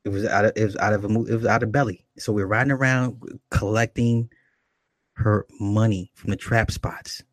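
A man's voice: lowish voice, fairly even intonation, normal speed, dry recording. A man telling a comic dating story in loose, profane street talk, full of laughing asides. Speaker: comedic storyteller.

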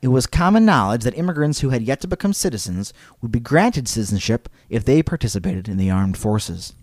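A man's voice: medium pitch, very animated, fairly quick, darkish tone, no echo. Casual male podcast host telling history. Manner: casual, digressive, reads quotes aloud.

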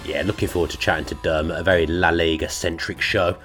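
A man's voice: deep voice, fairly even intonation, fast, fairly bright tone, faint music behind. A man co-hosting a football podcast, joking in an easygoing way. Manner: jokey, easygoing. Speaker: podcast co-host. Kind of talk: casual football chat.

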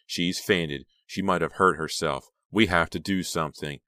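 A man reading an audiobook, voicing an angry, frightened teenage boy who shouts. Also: deep voice, moderate pace, no echo, studio quality. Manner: shouting, later hoarse and rasping. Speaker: audiobook narrator. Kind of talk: audiobook character voice.

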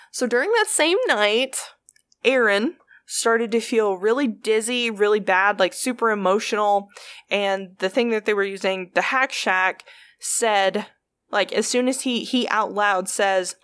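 A woman's voice: mid-range voice, measured pace, a bit bright, clean tone. A woman casually telling stories as a podcast host, chatty and profane, full of fillers. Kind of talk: casual storytelling.

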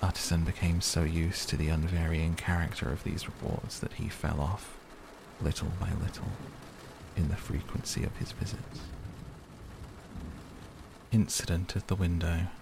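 A man narrating a classic novel as a calm, measured bedtime audiobook. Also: sits low, vocal fry, noisy background. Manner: measured, soothing. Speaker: audiobook reader. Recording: steady rain sounds behind.

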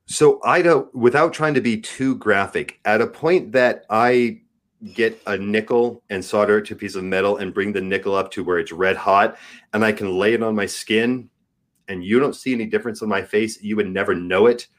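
A man in his forties speaking as a guest, frank and earnest, his delivery swinging between soft and emphatic. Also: fairly low pitch, moderate pace. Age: 40s. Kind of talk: candid podcast conversation.

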